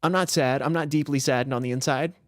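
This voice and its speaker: A man's voice: medium pitch, steady tone, quick pace, no echo, studio quality, voice pushed up, natural voice. A man putting on a brash rural wannabe gangster kid. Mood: boastful. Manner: brash tough-guy swagger. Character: young male rural wannabe gangster, boastful and insecure.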